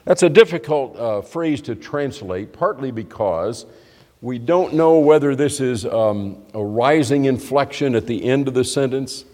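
A man preaches to his congregation in an explanatory, conversational tone, often restarting his sentences. His voice sits at an ordinary middle pitch. A long reverb from the church hall hangs on every phrase. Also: animated, a little slow, darkish tone. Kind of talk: sermon.

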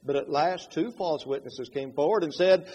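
A man preaching a sermon in an animated way, acting out quotes with changing loudness. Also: fairly high pitch, normal speed, breathy edge, big-room sound, dull audio.

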